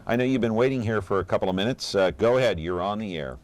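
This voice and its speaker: A man hosting a live call-in talk show, moving briskly between callers, breaks and video. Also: lowish voice, animated. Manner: brisk, moves the show along.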